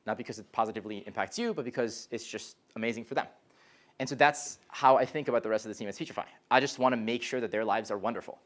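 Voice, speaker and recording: A young man giving a live talk to a college class as a startup founder, telling stories in a lively way, full of "like" and "um," and acting out quoted voices. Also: mid-range voice, fast talker. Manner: lively storyteller, frequent "like" and "um", animated quoted voices.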